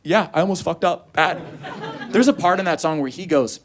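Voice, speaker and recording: A man in his thirties performing stand-up comedy, telling a story in an animated, profane way and acting out the dialogue. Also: a little high, normal speed, a little hiss or hum. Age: 30s. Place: comedy stage before a live audience.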